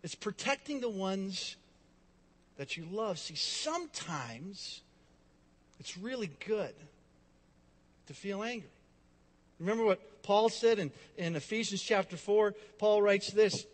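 A man preaching a sermon with dynamic delivery, rising to loud emphasis and dropping to soft, hushed lines. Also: sits high, animated, takes it slowly, long pauses, big-room sound. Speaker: pastor.

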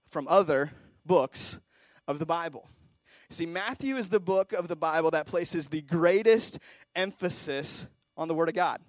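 A man preaching a sermon to a youth group, casual and energetic, building to loud excited peaks. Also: on the high side, dry recording. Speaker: youth pastor.

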